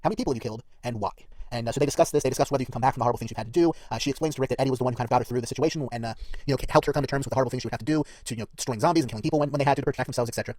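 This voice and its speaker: A man on a podcast giving a rapid, detailed recap of a TV episode in a casual chatty way. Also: mid-range voice, a little mellow, dry recording. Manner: rapid, detailed retelling with fillers.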